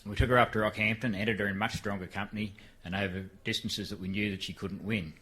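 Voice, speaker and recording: Older Aussie storyteller, bright-voiced, relaxed folksy delivery on stage. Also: male voice, on the low side, fast. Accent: Australian. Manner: folksy, shifts into a frantic shouted race call. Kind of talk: live storytelling to an audience. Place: live venue before an audience.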